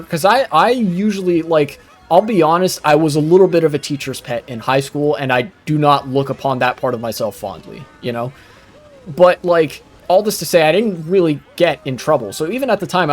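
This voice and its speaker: A young man streaming live, telling a rambling, profane story with many fillers while he plays. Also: on the high side. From United States.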